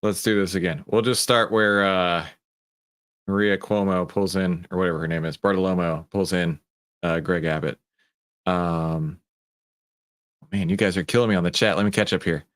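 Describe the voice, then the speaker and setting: A chatty man with a Texan accent hosts a casual livestream, speaking in a lowish voice. He greets viewers by name and talks in a loose, friendly way. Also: steady tone, moderate pace. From Texas. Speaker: livestream host.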